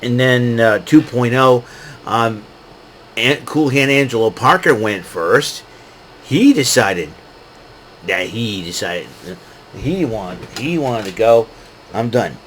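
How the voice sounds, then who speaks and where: Male host, mid-pitched, loose rambling recap with laughs and a faint background hum. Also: expressive, takes it slowly, fairly bright tone, low-quality recording. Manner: rambling, laughs often, hesitant fillers. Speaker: podcast host recapping wrestling. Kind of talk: casual recap.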